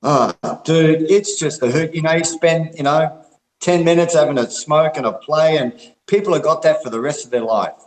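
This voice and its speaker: Man, easygoing rambler, slightly high voice, swears a lot, echoey room sound. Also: moderate pace. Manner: rambling, laid-back, heavy swearing, calls people mate and brother. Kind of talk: casual group call chat.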